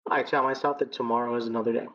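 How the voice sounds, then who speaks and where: A man in his thirties from Texas, a guest in an interview, speaking in a measured, reflective way with frequent ums. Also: mid-range voice, level tone, a bit bright, lo-fi sound. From Texas, United States. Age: 30s. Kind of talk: conversational interview.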